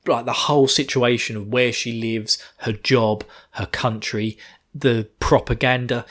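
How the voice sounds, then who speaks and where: A man, chatting casually as a podcast host reviewing an anime, animated and laughing often. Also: mid-range voice. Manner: animated, laughs often, acts out characters' lines.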